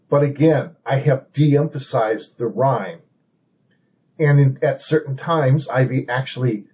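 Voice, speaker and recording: A man teaching how to read poetry, explaining steps slowly and reading verse aloud with feeling. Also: medium pitch, warm tone. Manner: measured, explanatory, reads verse aloud dramatically.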